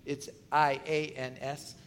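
A man's voice: mid-range voice, level tone, takes it slowly, fairly bright tone, clean tone. A man preaching a sermon in a conversational way, often asking the congregation questions. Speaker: pastor.

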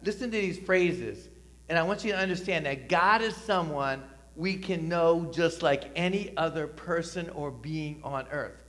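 A male pastor delivers a sermon at an unhurried pace, urging the congregation to respond. He swings between loud, emphatic lines and soft, low asides.

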